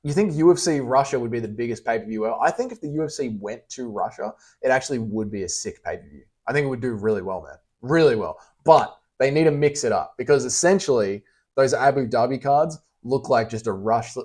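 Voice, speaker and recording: A man's voice: mid-range voice, expressive, brisk, darkish tone, slightly rough. A young Australian man casually chatting on a livestream, reading out and answering chat messages with blunt, teasing, sweary banter.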